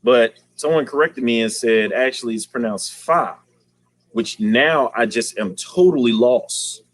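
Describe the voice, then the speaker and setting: A man's voice: mid-range voice, moderate pace. A man hosting a casual aquarium livestream, talking in slang and greeting viewers by name.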